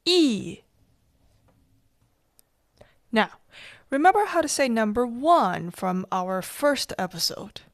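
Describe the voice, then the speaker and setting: A woman hosting a language podcast, slowly demonstrating Mandarin tones with patient pauses for repetition. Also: on the high side, sing-song, no room sound, clean studio sound. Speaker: host, Mandarin teacher. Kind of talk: slow, deliberate language lesson.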